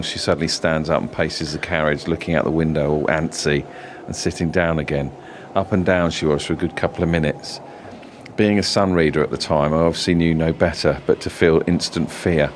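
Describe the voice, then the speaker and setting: A man's voice: sits low, slight background noise. A man co-hosting a podcast, reading listener stories aloud with dry, sweary delivery. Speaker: podcast co-host.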